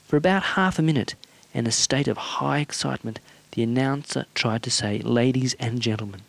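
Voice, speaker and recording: A man's voice: medium pitch, gravelly, dry recording. Man reading a story, dry sound. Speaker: narrator.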